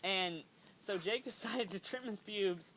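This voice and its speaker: A woman's voice: mid-range voice, unhurried, fairly bright tone, slight background noise. A woman telling a funny family story in a casual vlog, giggling often and filling her talk with "like". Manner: giggly, lots of "like" fillers, acts out quotes. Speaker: vlogger. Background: friends chiming in and laughing.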